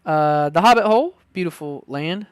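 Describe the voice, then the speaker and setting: A man hosting a casual card-opening video, chatting excitably and reading card text aloud. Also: a little high, moderate pace, clear, resonant tone, no room sound, studio quality. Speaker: card-opening channel host. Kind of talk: casual unboxing chat.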